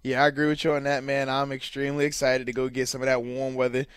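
A man co-hosting a sports radio show, playful and animated in casual banter. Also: medium pitch, fast talker, smooth, dry recording, studio quality. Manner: playful, animated, laughs and repeats words. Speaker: radio show co-host, former player. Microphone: studio microphone.

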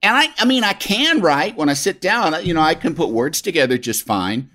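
A man's voice: fairly high pitch, sing-song, a little fast, sharp tone. A middle-aged man hosting a podcast in casual chat, rambling with many restarts. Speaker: podcast host.

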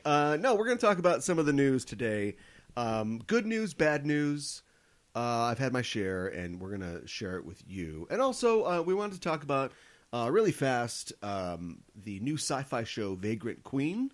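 A man's voice: mid-range voice, very animated, normal speed, no echo. A man from Minnesota co-hosting a podcast, joking and teasing in rambling casual banter. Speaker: podcast co-host.

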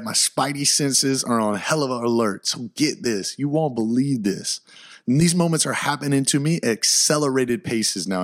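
Young male podcast host, medium pitch, excitable storyteller, slangy, prone to loud outbursts. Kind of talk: casual solo podcast storytelling.

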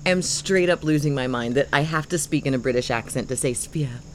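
A woman with a Southern US accent co-hosting a casual chat show, playful and quick to laugh. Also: rumbling low, a little hiss or hum. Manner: playful, laughs often, plays with pronunciation. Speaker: co-host.

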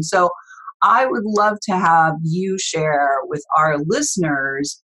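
A woman hosting a podcast, with a low, husky voice. She speaks effusively and earnestly about guidance and blessings, drawing her guest out into conversation. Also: slow, rough recording. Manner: effusive, warm praise and spiritual talk. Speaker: podcast host. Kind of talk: casual interview chat.

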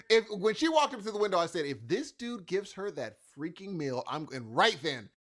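A man's voice: sits high, sing-song, moderate pace, few pauses, a bit bright. A man co-hosting a podcast, ranting in an exasperated, slangy way during casual chat. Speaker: podcast co-host.

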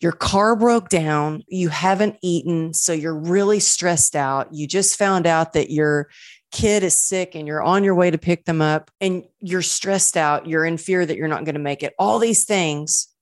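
A woman host interviewing a guest in a chatty, enthusiastic way, often talking quickly. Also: on the low side, no echo, studio quality. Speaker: podcast host. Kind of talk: casual interview chat.

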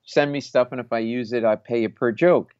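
A man doing an impression of a middle-aged male talk-show host, talking high and breathy as if slowly leaking air. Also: a little mellow, no echo, close to an everyday voice. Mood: casual, amused. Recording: dull lo-fi sound.

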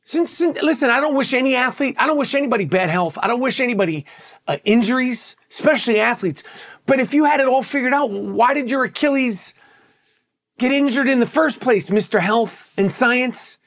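A man's voice: very high-pitched, expressive, a little fast, a bit bright. A man with a New York accent hosting a podcast, ranting in a brash, profane, repetitive way. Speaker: podcast host.

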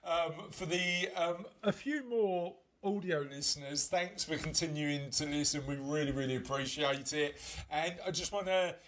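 A man's voice: fairly high pitch, normal speed, fairly bright tone. A man hosting a podcast in a casual, rambling chat full of fillers and restarts. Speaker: podcast host.

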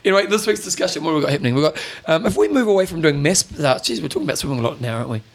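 A man's voice: fairly high pitch, animated, rapid-fire, vocal fry. A man co-hosting a podcast, chatty and teasing, laughing often in casual conversation. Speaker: podcast co-host. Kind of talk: casual chat.

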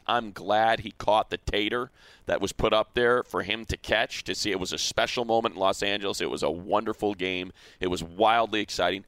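A man's voice: on the low side, smooth, dry recording. A man co-hosting a sports show, arguing points emphatically in casual debate. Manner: emphatic, animated, repeats words when heated.

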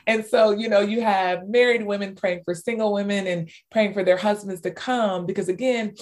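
A woman author as an interview guest, telling stories with lots of fillers and bursts of excitement. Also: medium pitch, moderate pace. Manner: animated storyteller, many fillers, squeals in retold cheers. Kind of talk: casual interview talk.

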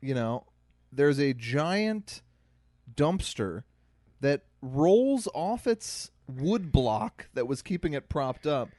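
A man's voice: a little high, sing-song, takes it slowly, warm tone, no echo, clean studio sound. Chatty storytelling podcast host man. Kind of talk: casual chat.

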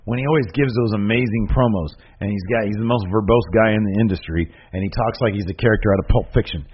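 A man co-hosting a podcast, arguing his point in an animated, opinionated way and breaking into quick impressions. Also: lowish voice, muffled recording, a little hiss or hum. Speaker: podcast co-host. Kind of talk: casual debate chat.

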